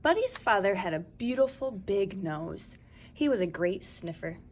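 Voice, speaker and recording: A woman teacher reading a children's story aloud in a warm, expressive way, recorded on a home webcam or phone. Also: medium pitch, measured pace, slight background noise.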